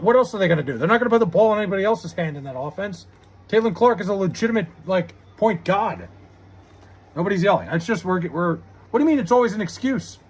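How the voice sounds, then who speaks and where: A young man live-streams and argues hotly with his chat, swearing freely as he makes his case. His voice sits high for a man and has a husky edge. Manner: heated, argumentative, swears a lot.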